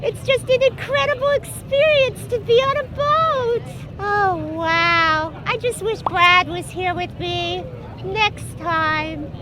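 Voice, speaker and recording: A woman voicing an excitable male groundhog mascot who talks in squeaky, giddy exclamations outdoors on a ferry. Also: slow pace, poor audio. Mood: excited. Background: loud outdoor noise.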